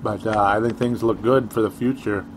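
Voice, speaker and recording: A man's voice: on the low side, steady tone, moderate pace, a little hiss or hum. A man co-hosting a sports talk show, rambling casually with chuckles and sarcastic asides.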